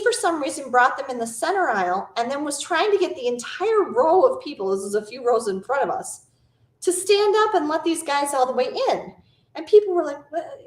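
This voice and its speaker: A middle-aged woman hosting a travel channel, chatting casually and telling rambling stories in a live Q&A. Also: high voice. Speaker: travel vlog host. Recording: echoey room.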